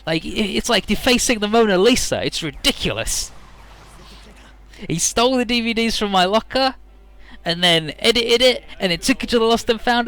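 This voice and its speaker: A man doing a shrill, aggrieved young guy ranting. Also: pushed and bright, exaggerated voice. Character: distraught young man ranting over a ruined DVD.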